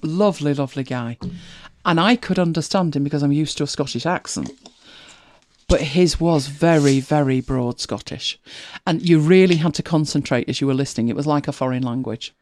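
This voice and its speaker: A woman's voice: sits low, brisk, a little mellow, a little hiss or hum. A middle-aged woman chatting casually as a podcast co-host, laughing often and telling stories with animation. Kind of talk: casual chat.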